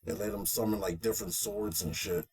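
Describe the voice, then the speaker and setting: A man co-hosting a casual anime chat, animated and profane, laughing often. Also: on the low side, brisk, slightly rough. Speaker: podcast co-host.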